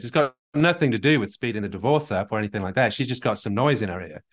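A man's voice: medium pitch, quick pace, hardly any pauses. A man coaching a caller on a live call, talking earnestly and often repeating words as he works through his advice. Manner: earnest, repeats words while thinking, acts out sample dialogues. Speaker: relationship coach. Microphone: call recording.

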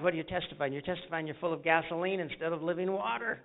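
A man from the United States preaching a sermon, pitched a bit high, calling out to the congregation and telling folksy stories. The sound is thin and phone-like, as if from a tinny line. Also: quick pace, hardly any pauses. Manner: call-and-response, folksy storytelling. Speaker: pastor.

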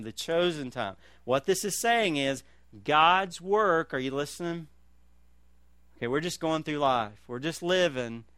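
A middle-aged man preaching a sermon as pastor, swinging between loud calls and quiet, slow emphasis. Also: fairly high pitch, smooth, no echo.

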